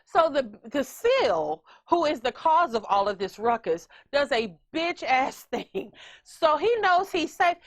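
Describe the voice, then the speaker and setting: A middle-aged woman hosting a podcast, telling a story with animated comic commentary and acting out voices. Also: high voice. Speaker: podcast host. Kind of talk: casual comedic commentary.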